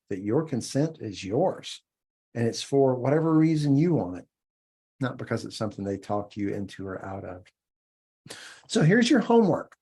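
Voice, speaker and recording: A man's voice: mid-range voice, a little mellow, slightly rough. A man hosting a podcast and teaching self-defense, talking through casual advice in an emphatic way, often checking in with "right?". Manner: emphatic, repeats key points, frequent "right?".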